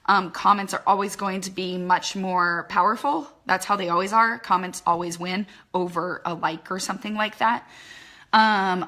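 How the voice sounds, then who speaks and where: In a relaxed live tutorial aimed at small-business owners, a woman who trains people in social media for business talks directly into her phone. Her voice is bright and forward, medium in pitch and steady in tone, and she explains in fast, chatty bursts with plenty of fillers and loose asides.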